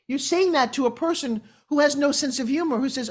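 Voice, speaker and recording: A middle-aged woman talking as a guest in an interview, animated and motivational, her pitch swinging up and down for emphasis. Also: fairly quick, few pauses. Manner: lively, shifting pitch up and down for emphasis. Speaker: guest speaker.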